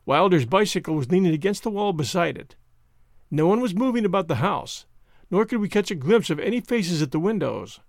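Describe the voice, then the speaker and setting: A man reading a story aloud in an expressive, dramatic way. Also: sits high, brisk, creaky, no echo, clean studio sound. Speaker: narrator.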